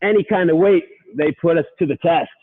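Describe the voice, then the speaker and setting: A man's voice: fairly high pitch, brisk. Upbeat male workout coach, tinny sound. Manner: upbeat, counting reps and urging on. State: out of breath at times. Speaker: fitness coach.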